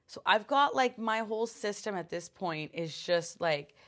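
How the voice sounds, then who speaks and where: Rambling, animated young woman telling a story. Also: mid-range voice, unhurried. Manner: rambling, animated, lots of filler words and swearing. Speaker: podcast host. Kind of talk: casual storytelling.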